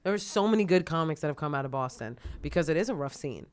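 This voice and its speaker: A woman's voice: sits low, lively intonation, fast talker. A woman hosting a podcast in casual chat, teasing her guests and laughing often as she talks. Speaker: podcast host.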